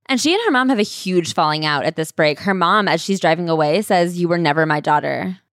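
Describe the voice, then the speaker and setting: A woman's voice: lowish voice, a little fast, a bit bright, no room sound, studio quality. A young adult woman co-hosting a podcast, chatting casually and dropping sarcastic asides. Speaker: podcast co-host. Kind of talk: casual chat.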